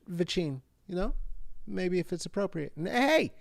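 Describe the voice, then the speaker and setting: A man signs off his podcast in a rambling, joking way, swearing freely. His fairly high voice swings about animatedly. The sound is close and dry. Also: expressive, moderate pace, vocal fry, no room sound. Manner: rambling, jokey, swears often. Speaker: podcast host. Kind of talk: comedic podcast sign-off.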